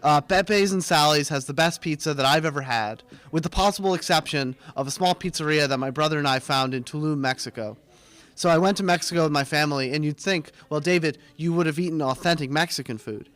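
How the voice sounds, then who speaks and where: A young man hosting a casual live student TV segment, joking and mock-pompous with quick asides. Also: a little high, fairly bright tone. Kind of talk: casual live-stream banter. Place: small studio room.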